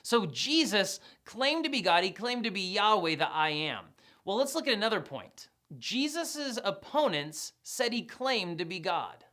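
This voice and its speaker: A woman's voice: medium pitch, big pitch swings, a little slow, fairly bright tone. A woman giving an explanatory Bible lesson in a conversational, emphatic way. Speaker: Bible teacher.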